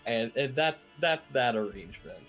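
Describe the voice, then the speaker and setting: A man playing a naive, boastful adventurer who rambles with halting restarts. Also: medium pitch, animated, a bit bright, faint music behind, close to an everyday voice. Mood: eager. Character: boastful, pushy human adventurer, naive and eager.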